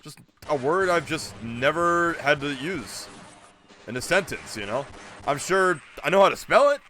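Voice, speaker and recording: Animated, bright-voiced male game streamer. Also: a little high, measured pace, slight background noise. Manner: rambling, jokey, talks to chat. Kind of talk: casual gameplay commentary.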